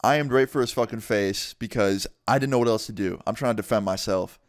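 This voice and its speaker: A young man casually telling a storytime vlog with animated delivery and heavy swearing. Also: lowish voice, a little fast, no room sound, clean studio sound. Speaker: vlogger.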